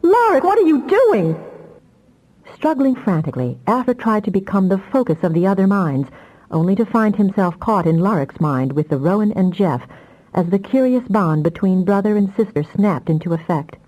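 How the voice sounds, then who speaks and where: A woman reading fantasy audiobook narration in a measured, even storytelling manner. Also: medium pitch, poor audio. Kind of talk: scripted narration.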